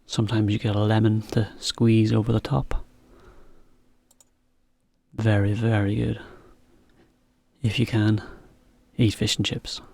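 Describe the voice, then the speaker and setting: Slow, low-voiced man teaching. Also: gravelly, dry recording. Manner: relaxed, chatty, laughs now and then. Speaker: English teacher. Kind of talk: slow, clear explanation for learners.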